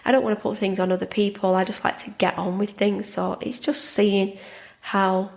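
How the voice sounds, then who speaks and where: Chatty woman with a gravelly edge. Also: medium pitch, level tone, moderate pace. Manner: chatty, repeats words and restarts often. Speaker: podcast host and life coach. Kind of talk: casual monologue.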